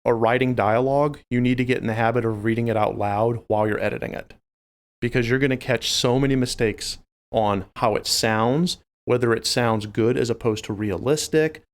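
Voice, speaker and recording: A man from New Orleans with a New Orleans accent, co-hosting a game development podcast in a chatty, animated way and speaking directly to listeners. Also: medium pitch, moderate pace. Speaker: podcast co-host. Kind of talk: casual podcast chat.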